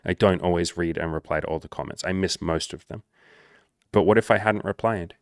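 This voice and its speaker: Deep voiced coach guy talking to camera, blunt and sweary, dry close sound. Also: fairly quick, gravelly, dry recording. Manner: blunt, profane, animated storytelling. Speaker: social skills coach. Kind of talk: direct-to-camera monologue.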